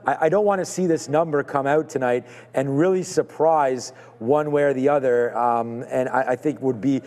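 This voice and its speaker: A man's voice: mid-range voice, moderate pace, darkish tone, in a large hall. A man co-hosting a live trading stream, talking through stock earnings in a hedging way and restarting his sentences. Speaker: co-host of a live trading show. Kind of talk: casual market commentary.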